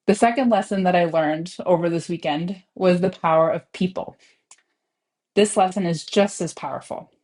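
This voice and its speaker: A woman's voice: fairly low pitch, a little mellow. Earnest woman giving a devotional. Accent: Canadian English. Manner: earnest, encouraging. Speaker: speaker giving the opening devotional. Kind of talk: devotional message and prayer.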